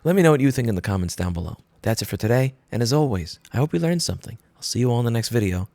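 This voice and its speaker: A man's voice: mid-range voice, lively intonation, racing, vocal fry, few pauses, a little mellow, no echo. A man hosting a commentary video, ranting angrily with profane, sarcastic outbursts, close to a studio mic. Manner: mocking, switching into put-on corporate voices. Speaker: commentary host. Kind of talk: angry commentary rant. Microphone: studio microphone.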